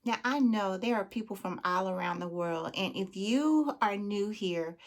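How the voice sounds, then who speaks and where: A woman's voice: mid-range voice, lively intonation, measured pace. A woman with a Southern US accent, chatting casually with her viewers as a beauty vlogger and calling them friend and girl. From Southern United States. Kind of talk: casual chat.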